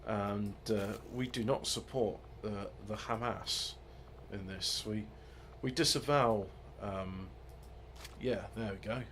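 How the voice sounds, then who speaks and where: A man's voice: fairly low pitch, takes it slowly, a bit bright, slight background noise. A man giving rambling, joking let's-play commentary, muttering asides and mocking himself as he sets up his game. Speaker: gaming video host.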